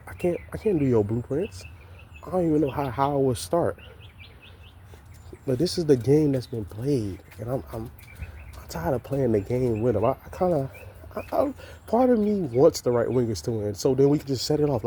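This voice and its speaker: A man's voice: mid-range voice, brisk, mellow, slight background noise. A man giving an impassioned, profane monologue, repeating himself and stumbling over restarts. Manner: heated, repetitive, stammers and restarts. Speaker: vlogger.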